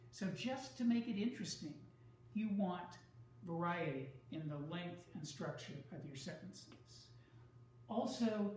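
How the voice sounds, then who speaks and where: A man teaching a writing class, lecturing deliberately in short phrases with pauses between them. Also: high-pitched, darkish tone. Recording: very echoey classroom with faint noise.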